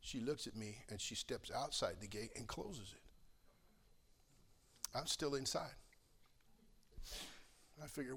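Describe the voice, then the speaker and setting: An older man preaching a sermon as pastor, swinging between loud fervor and quiet storytelling. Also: medium pitch, expressive, takes it slowly, long pauses, a little hiss or hum.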